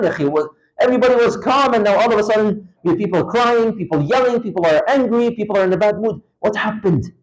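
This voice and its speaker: A man with a fairly high voice lectures in a mosque hall, speaking straight to his listeners. He tells everyday examples with emphasis, his pitch jumping up and dropping back down. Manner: animated, emphatic storytelling with wide pitch swings; conversational, addresses listeners directly. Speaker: Islamic lecturer. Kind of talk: classroom religious lecture.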